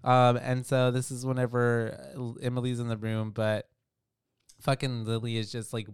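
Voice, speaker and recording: A man with a smooth, resonant voice chats through a film plot, loose and full of fillers, dropping swear words as he goes. The recording is dry and close with no room sound. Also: mid-range voice, completely flat delivery, moderate pace, no echo. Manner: loose, profane retelling with many fillers. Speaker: podcast co-host. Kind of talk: casual movie recap chat.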